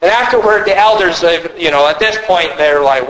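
Guy preaching a sermon, kinda high and sharp voice, earnest, tells little stories. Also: rough recording. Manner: earnest, measured preaching with storytelling asides. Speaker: pastor.

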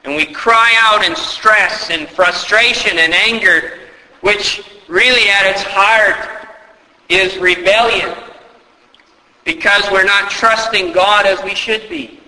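Man preaching slow and earnest, high bright voice, big echoey church hall. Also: fairly even intonation. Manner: earnest, emphatic preaching with rhetorical questions. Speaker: pastor. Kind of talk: sermon. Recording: echoey hall with long reverb.

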